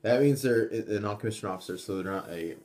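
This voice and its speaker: Young guy, lowish voice, loose and profane, rambling vlog delivery. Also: fast talker, a little mellow. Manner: rambling and profane, with frequent restarts and asides. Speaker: vlogger, army trainee. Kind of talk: casual tips monologue.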